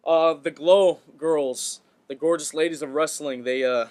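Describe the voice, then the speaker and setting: A man's voice: a little high, fairly even intonation, measured pace, a little mellow. Stammering man chatting about wrestling. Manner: hesitant, repeats words and restarts often. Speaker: podcast co-host. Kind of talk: casual wrestling chat.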